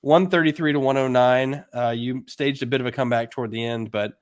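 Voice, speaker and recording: A man's voice: mid-range voice, fairly even intonation, fairly quick. Upbeat man quizzing his co-host. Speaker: podcast co-host. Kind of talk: casual chat.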